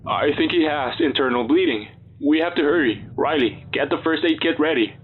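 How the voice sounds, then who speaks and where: A man's voice: fairly high pitch, normal speed, faint music behind. A man voicing an astronaut on a tinny radio. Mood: urgent. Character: male astronaut talking over a space radio. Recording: tinny radio line, faint hiss.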